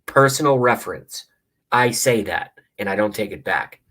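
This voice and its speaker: Low-voiced rambling man telling a story. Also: lively intonation, moderate pace, fairly bright tone. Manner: rambling, blunt, swears often, many fillers. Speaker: vlogger reacting to videos.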